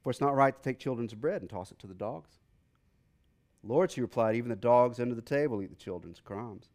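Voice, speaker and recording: A man preaching a sermon, telling a personal travel story with excitable energy and acting out the people in it before settling into calmer Bible teaching. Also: medium pitch, brisk. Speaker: pastor.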